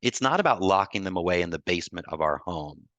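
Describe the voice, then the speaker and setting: A man with a very low voice tells a personal story over a video call, halting and restarting as tears come close. The sound is dry and close, with no room around it. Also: expressive, a bit bright, dry recording. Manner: emotional, halting with repeated restarts. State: tearful. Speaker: guest speaker on grief. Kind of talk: personal storytelling in a group talk.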